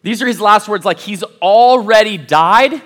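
A man's voice: sits high, measured pace, a bit bright. A young man preaching a casual sermon as a college pastor, chatty and self-deprecating, calling the crowd "y'all". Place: church service.

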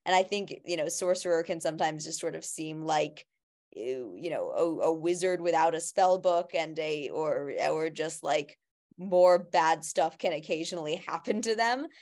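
A woman's voice: deep voice, normal speed, a little mellow. A woman co-hosting a casual podcast chat, talking in a rambling way with many restarts and fillers. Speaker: podcast co-host.

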